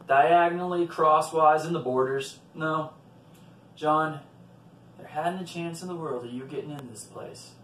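A man voicing Saint Peter as a stern old gatekeeper, speaking quietly and slowly. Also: fairly high pitch, a little hiss or hum. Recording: roomy, from a distant mic.

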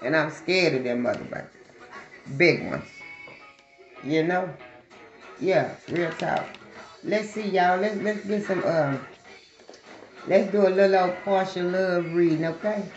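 A woman's voice: on the low side, a little slow, long pauses, lo-fi sound, soft background music. A woman who talks bluntly and swears freely, chatting casually to her viewers before she does a psychic reading. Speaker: psychic reader.

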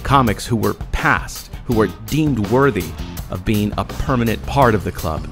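A man giving measured, scripted documentary narration. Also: lowish voice, expressive, music in the background. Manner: measured, reportorial.

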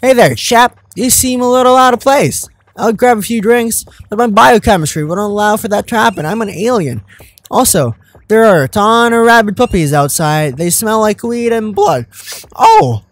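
A man's voice: high voice, lively intonation, moderate pace, pitched above the performer's own voice. A man voicing a chipper, friendly male alien, chattering in a jaunty, posh-sounding way while reading game dialogue.

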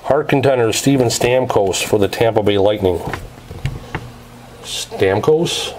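Slow, methodical man opening card packs. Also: fairly low pitch, a little mellow, slight background noise, poor audio. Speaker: card break host.

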